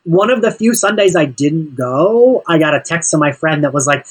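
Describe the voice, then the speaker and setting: Podcast host telling a story, kinda husky, laid back, lots of likes and ums. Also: mid-range voice, brisk, few pauses, far from the mic, low-quality recording. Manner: relaxed storytelling, filler-heavy. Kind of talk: casual chat.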